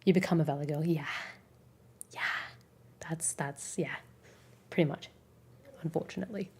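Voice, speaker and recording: A woman's voice: deep voice, moderate pace, dark tone, slightly rough. A young Australian woman streaming, chatting casually with her viewers in a rambling, giggly way full of fillers. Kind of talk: casual chat with live chat.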